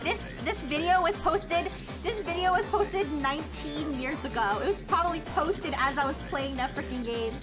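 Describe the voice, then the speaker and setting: A woman chats casually on a livestream in a high, bright voice, rambling and laughing often. She fills her sentences with "like", and music plays clearly behind her. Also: normal speed, few pauses.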